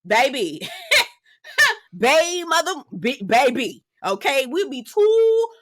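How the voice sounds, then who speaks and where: Sassy, lively woman recapping TV. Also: high voice, slow, dry recording, studio quality. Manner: animated, sassy, profane, laughs often. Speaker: TV show reviewer. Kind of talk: casual reality TV recap.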